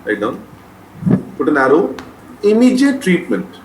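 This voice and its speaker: A man's voice: on the high side, huge pitch swings, measured pace. Indian man dictating a lecture, echoey. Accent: Indian English. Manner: repetitive, addresses listeners as beta. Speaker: medical lecturer. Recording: echoey room with faint noise.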